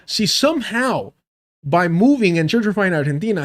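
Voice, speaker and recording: A high-pitched man with lively intonation keeps a moderate pace as he hosts a livestream. His reaction commentary is sarcastic and profane, aimed directly at his chat.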